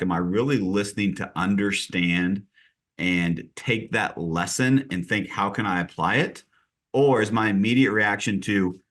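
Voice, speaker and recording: A middle-aged man hosting a casual podcast interview, an animated storyteller who acts out conversations. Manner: animated storyteller, acts out dialogue with big pitch jumps. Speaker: podcast host and real estate coach.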